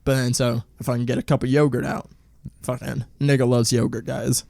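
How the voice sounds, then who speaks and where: A young man co-hosting a podcast, chatting casually and telling profane, animated stories. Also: medium pitch, brisk, gravelly, dry recording, clean studio sound. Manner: animated storyteller, profane, acts out voices. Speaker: podcast co-host. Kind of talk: casual chat.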